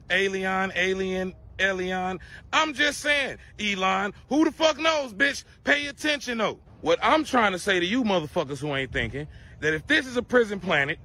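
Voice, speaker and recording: A man's voice: sits high, pushed and bright. A man delivering a profane conspiracy rant to camera, preachy and crude, firing off rhetorical questions.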